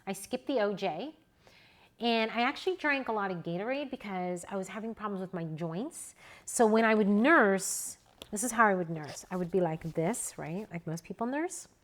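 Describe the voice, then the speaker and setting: A woman in her forties speaks with a mid-range voice, leaning into lively personal anecdotes. She talks casually to an audience, like a teacher sharing her own experience. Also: medium pitch, moderate pace. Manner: animated, chatty, personal anecdotes. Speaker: newborn photographer and educator. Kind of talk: casual storytelling to a live audience.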